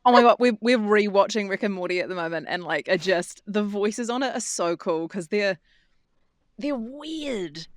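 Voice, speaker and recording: A woman's voice: medium pitch, fairly quick, few pauses, dry recording. A woman co-hosting a voice-acting podcast, chatting casually and breaking down vocal technique in anatomical terms. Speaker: voice actor podcast co-host. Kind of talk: casual chat about voice technique.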